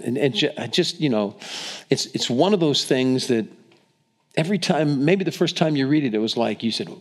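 A man's voice: mid-range voice, lively intonation, normal speed. A man preaching a sermon, retelling the scripture vividly and stumbling over restarts. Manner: storytelling, dramatizes quotes with acted voices; frequent restarts and repetitions.

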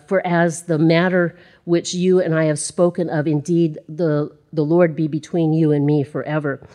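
A woman's voice: low-pitched, a little mellow. A woman giving a conversational sermon, reading scripture aloud and adding chatty asides. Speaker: Bible teacher.

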